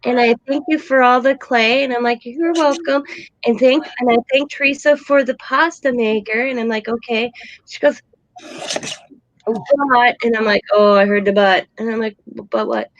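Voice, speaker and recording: An older woman hosting a casual chat, telling lively stories about her granddaughter. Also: a little high, normal speed, no echo, lo-fi sound. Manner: animated storyteller, quotes her granddaughter. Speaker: host.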